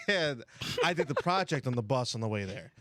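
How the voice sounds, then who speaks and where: A man's voice: medium pitch, big pitch swings, moderate pace, background noise. A young man, a podcast co-host, telling a story in a casual chat among friends, full of fillers and laughter.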